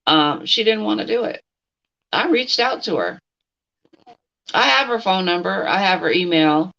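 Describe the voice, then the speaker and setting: A blunt middle-aged woman chatting on a livestream at an ordinary pitch, speaking as if directly to someone who isn't in the room and stopping to answer her chat. The sound is a bit dull and lo-fi. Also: expressive, a little slow, gravelly, a bit bright. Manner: blunt, talks straight at an absent person, answers chat. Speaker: livestream host. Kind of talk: casual livestream commentary.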